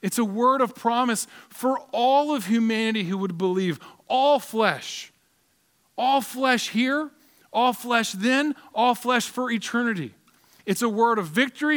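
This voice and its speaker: Male pastor preaching, emphatic rhetorical repetition, high, ringing tone. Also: a bit bright. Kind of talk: sermon.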